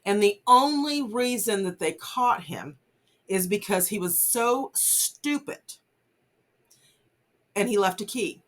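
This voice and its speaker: A woman's voice: medium pitch, animated, slow pace, pauses often. A woman vlogger giving casual commentary on a news case, earnest and full of fillers like "you know". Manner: earnest, many fillers, urges listeners not to judge. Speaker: vlogger host.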